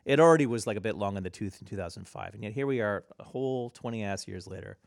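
A man co-hosting a radio show, chatting casually about records in a rambling way full of fillers, often trailing off quietly. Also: fairly low pitch, fast talker, creaky, no echo, clean studio sound. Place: radio studio.

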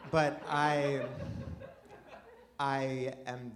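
A man doing a chatty, self-deprecating stand-up comedy set, often jumping into high, excited exclamations. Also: drawn-out words, very noisy.

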